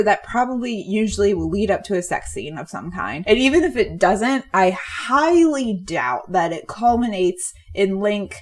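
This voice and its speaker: Chatty young woman giggling through commentary. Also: mid-range voice. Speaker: comic artist, video creator. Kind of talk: casual commentary.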